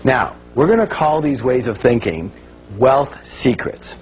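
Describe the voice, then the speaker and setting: A man giving a lively motivational seminar talk to a live audience, prompting them to call out answers and cracking playful jokes. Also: medium pitch, unhurried, a little hiss or hum, rough recording. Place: stage before a live audience.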